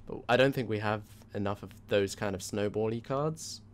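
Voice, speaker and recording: A man's voice: lowish voice, moderate pace, a little hiss or hum. A man co-hosting a casual gaming chat, reasoning his choices out aloud. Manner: musing, reasons things out aloud. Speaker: co-host.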